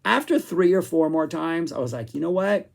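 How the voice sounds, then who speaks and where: A man's voice: a little high, expressive, moderate pace, creaky. A man giving a casual, rambling spoken album review with plenty of enthusiasm. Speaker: music reviewer.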